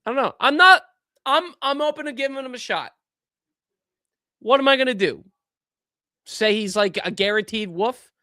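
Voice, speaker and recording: A young man hosting a podcast, giving casual political commentary in an animated, incredulous way that keeps trailing off and restarting. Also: extremely high pitch, moderate pace, long pauses, no room sound, clean studio sound. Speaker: podcast host.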